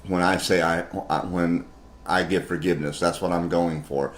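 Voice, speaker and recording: A man's voice: deep voice, steady tone, normal speed. A man co-hosting a marriage talk, chatting casually and joking, sometimes mimicking others in a raised voice. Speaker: co-host of a marriage talk show. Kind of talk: casual chat.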